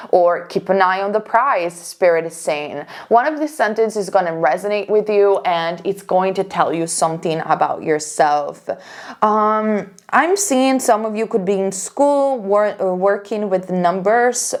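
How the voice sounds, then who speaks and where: A woman psychic talks through a pick-a-card tarot reading in a casual, chatty way. She rambles and restarts her sentences, then leans hard on her points, and her voice sits at a middle pitch. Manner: chatty, rambling, emphatic, with many fillers and restarts.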